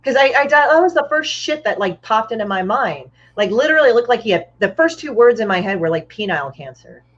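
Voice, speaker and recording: A woman's voice: on the high side, big pitch swings, brisk, dull audio. A woman guest telling stories in casual chat, blunt and profane, over a video call. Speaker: guest comic artist.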